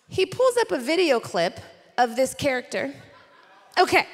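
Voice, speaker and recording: A young woman with a high voice preaches to a conference crowd, spinning a personal story in a playful, chatty way with quick asides. Her voice rings out through a big hall with a long reverb tail. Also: sing-song. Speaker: conference speaker. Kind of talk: sermon.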